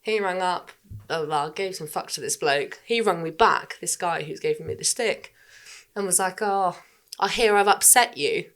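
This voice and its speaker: A woman's voice: on the low side, normal speed, a bit bright. A young woman chatting casually as a podcast guest. She tells her story bluntly, swears freely and acts out what others said. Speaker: podcast guest, farm worker.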